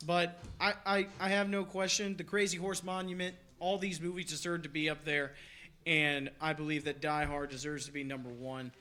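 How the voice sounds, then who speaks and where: A man's voice: a little high, little pitch movement, moderate pace, sharp tone. A man hosting a podcast, chatting casually and retelling movie scenes with enthusiasm. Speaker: podcast host. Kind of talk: casual chat.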